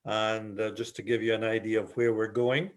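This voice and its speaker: An older man with a Scottish accent, giving a webinar lecture as a refereeing instructor, speaking slowly and with hesitation over a video call. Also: lowish voice, little pitch movement. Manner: deliberately slow, hesitant delivery.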